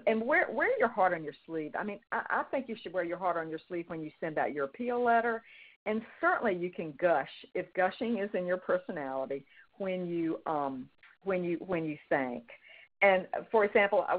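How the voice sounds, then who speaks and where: A woman teaching fundraising in an emphatic, conversational way, full of fillers and restarts. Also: fairly low pitch. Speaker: fundraising consultant presenter. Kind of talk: webinar teaching. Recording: tinny phone-like line.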